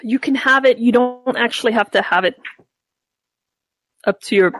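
A woman's voice: fairly high pitch, moderate pace, a bit bright, dry recording. A woman playing a tabletop game, talking casually with lots of stammering restarts.

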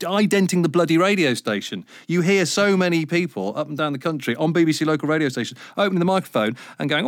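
A man in his fifties, a radio presenter, talking casually in an interview, lively and quick to swear and mimic others. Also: a little high, dry recording, clean studio sound. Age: 50s. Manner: animated, swears, mimics voices in anecdotes.

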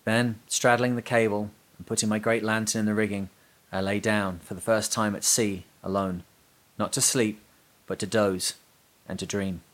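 A male podcast host reading a classic book aloud in a measured, deliberate way. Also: fairly low pitch, flat delivery.

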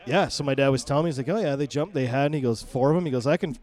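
A man co-hosting a podcast, telling a profane, animated family story in casual chat. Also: mid-range voice, rapid-fire. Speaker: podcast co-host.

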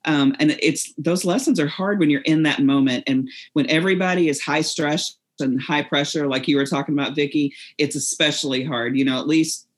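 A woman's voice: deep voice, fairly quick, hardly any pauses. A woman co-hosting a recovery podcast, reflective and storytelling, laughing often. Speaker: podcast co-host. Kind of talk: casual chat about recovery.

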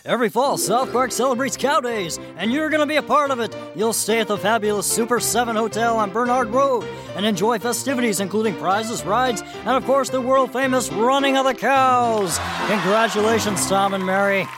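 An actor playing a brash male TV game show announcer in a cartoon, booming out a prize in a salesy way. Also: normal speed, hardly any pauses. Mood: hyped. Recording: clip with music underneath.

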